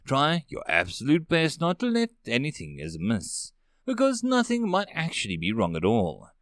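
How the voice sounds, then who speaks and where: A man voicing a stern, commanding woman marshal who gives quick orders, with a lively swing in his pitch and a dry, close sound. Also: no echo, heavily acted. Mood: urgent.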